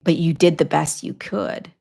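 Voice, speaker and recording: Woman host, spiritual teacher, low-pitched and gravelly, earnest coaching delivery with repetitions. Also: fairly even intonation, unhurried, warm tone. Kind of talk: live Q&A talk.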